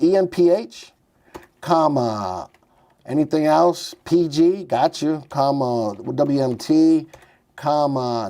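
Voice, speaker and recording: A man's voice: fairly high pitch, mellow. A man hosting a stock market show, chatty and thinking aloud as he types in tickers and reads charts live.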